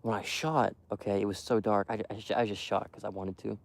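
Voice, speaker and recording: A young man quietly rambling to his live stream while hunting outdoors in the cold wind, full of fillers and restarts. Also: lowish voice, steady tone, brisk. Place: outdoors in a windy field edge.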